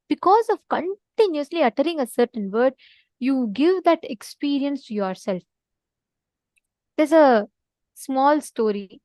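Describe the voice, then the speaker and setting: Woman, high voice, dry close sound, earnest spiritual teacher who repeats her points. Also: a little mellow, dry recording. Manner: earnest, repeats for emphasis, asks listeners to respond. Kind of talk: online teaching session with a story.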